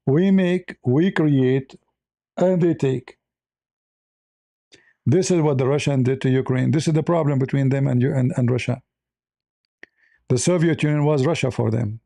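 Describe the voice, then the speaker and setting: A man's voice: medium pitch, measured pace, creaky, pauses often, mellow, no room sound. A man hosting a livestream, answering chat messages in a blunt and sarcastic way.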